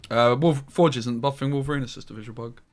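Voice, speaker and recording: A man giving casual gameplay commentary on a stream, swearing freely and quick to get frustrated. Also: mid-range voice.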